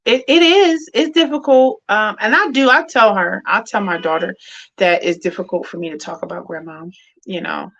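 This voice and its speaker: A woman's voice: mid-range voice, moderate pace, a bit bright, dull audio, slight background noise. A middle-aged woman hosting a grief discussion in casual, heartfelt chat, candid and rambling with many fillers and restarts. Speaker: host of a women's grief discussion.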